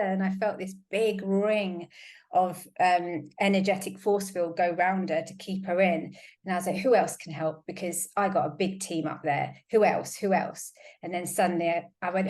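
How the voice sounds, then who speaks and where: A woman hosting a casual chat, telling stories in an animated way and often quoting herself. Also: lowish voice, moderate pace. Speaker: host.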